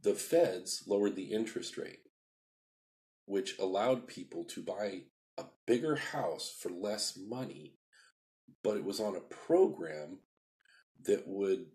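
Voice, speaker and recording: Speaking in a lowish voice with a darkish tone, a man recounts his life on a livestream. His telling wanders and loops back on itself, he performs the quoted lines, and his delivery alternates between heavy stress and rushed stretches.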